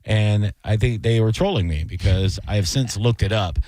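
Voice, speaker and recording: A man's voice: fairly low pitch, normal speed, darkish tone, dry recording. A man hosting a radio show, rambling and joking in casual banter with plenty of fillers. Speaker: radio host.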